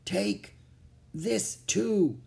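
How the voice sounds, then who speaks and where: A man's voice: high voice, big pitch swings, extremely slow, creaky, dark tone, pitched above the performer's own voice, full character voice. A man reading an audiobook, voicing a stern, protective knight who speaks firmly and commandingly.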